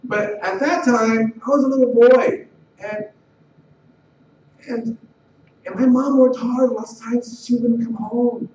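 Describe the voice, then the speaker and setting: A middle-aged man from the Los Angeles area telling a personal life story in a halting way, repeating words and restarting sentences. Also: very high-pitched, steady tone, a little mellow. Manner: halting, repeats words and restarts, voice rising when retelling tense moments. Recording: roomy, distant, dull and slightly noisy.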